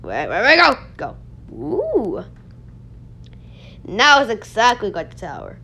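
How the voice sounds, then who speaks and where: High voice woman doing a game video, super lively, bright tone, keeps yelling and laughing over her fails. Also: slow, vocal fry. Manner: excitable, yelling and laughing at failures. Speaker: gaming video host. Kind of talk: casual gameplay commentary.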